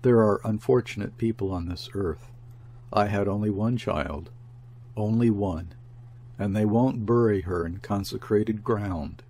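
A man reading aloud and voicing an old peasant woman who speaks dispassionately in a calm, reasonable tone. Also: lowish voice, a little slow, husky. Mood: calm grief.

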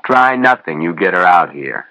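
A man reading an audiobook, voicing a gruff, pushy middle-aged male boss who talks bluntly and makes demands. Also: sits low, animated, normal speed, no room sound, dull audio. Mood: impatient.

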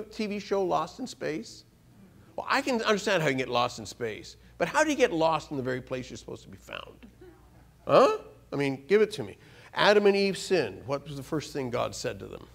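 A gravelly-voiced man preaches a sermon as a guest speaker in a church. He is animated, with sudden jumps in pitch and volume, and he often repeats and restarts words.

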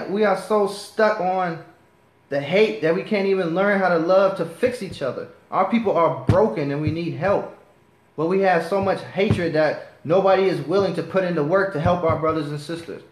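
Impassioned man preaching in an echoey room. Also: fairly high pitch. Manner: impassioned, rising to righteous anger. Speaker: preacher teaching a class. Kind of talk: sermon with scripture reading.

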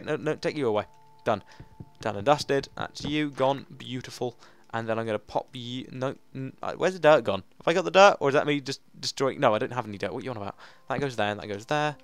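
A man's voice: medium pitch, fairly bright tone. Chatty man narrating his gameplay. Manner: chatty, talks to himself, jokingly dramatic. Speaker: Let's Play gamer. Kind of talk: gaming commentary.

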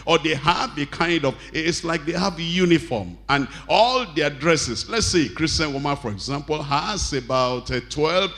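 A male pastor preaching a sermon, reading scripture slowly and acting out angry bosses and pleading wives. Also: expressive. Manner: acts out quoted bosses and wives, shouting high and pleading soft; reads scripture slowly and deliberately.

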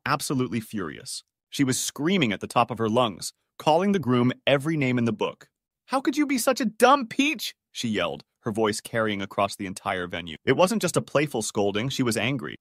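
A man reading online stories aloud as a narrator, with a steady, evenly paced storytelling delivery. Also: medium pitch, dry recording, studio quality.

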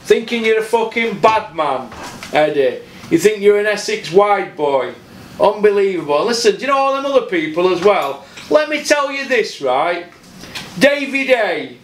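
A high-voiced South Yorkshire man rants about boxing on his own channel, blunt and full of swearing, hammering points home by repeating them. He sounds like he is in an echoey room with a faint hiss of noise behind him. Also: sing-song, normal speed. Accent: South Yorkshire English. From Doncaster, South Yorkshire, England. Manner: blunt, heavy swearing, repeats himself for emphasis. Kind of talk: solo boxing opinion rant.

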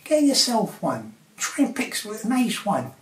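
A man with a high-sitting voice, huge pitch swings, and a measured pace rambles through a casual vlog monologue. Chatty, he chuckles often and keeps tacking on tag questions, recorded in a roomy space far from the mic.

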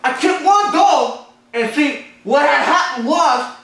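Swearing rockstar with a London accent, high and piercing, sounding very echoey and far off. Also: male voice, lively intonation, takes it slowly, gravelly, fairly bright tone, heavily acted. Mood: boastful rambling. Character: foul-mouthed London rockstar denying he kills. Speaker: interview guest. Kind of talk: comedy sketch.

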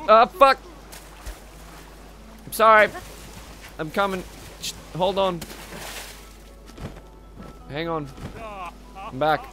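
A man's voice: fairly high pitch, takes it slowly, pauses often, bright, forceful tone, soft background music. A man giving casual let's-play commentary, full of profane, muttered asides. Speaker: gameplay commentator.

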